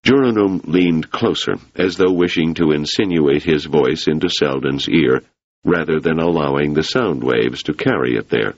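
Audiobook narrator: man, very deep and gravelly, husky edge, animated delivery. Dull, dry studio recording. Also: moderate pace, no room sound. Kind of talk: scripted narration.

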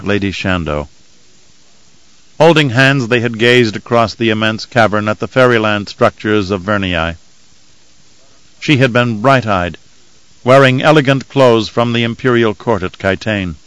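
A man reading an audiobook in measured, even scripted narration. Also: fairly low pitch, clean tone, no echo, poor audio.

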